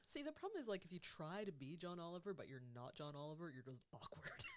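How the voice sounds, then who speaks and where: Low-pitched, animated woman podcaster. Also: fast. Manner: animated, laughs often, swears casually. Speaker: podcast co-host and life coach. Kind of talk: casual podcast chat.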